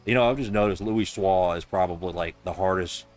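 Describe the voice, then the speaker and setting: A man's voice: deep voice, a little fast, a little mellow, soft background music. A man with a Southern US accent, streaming a game and reading its dialogue aloud with sarcastic, offhand commentary.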